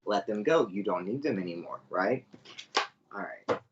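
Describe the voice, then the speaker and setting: A man's voice: on the low side, animated, moderate pace, highs cut off, background noise. A man giving a live online psychic reading, earnest and chatty as he speaks straight to viewers. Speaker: psychic medium reader.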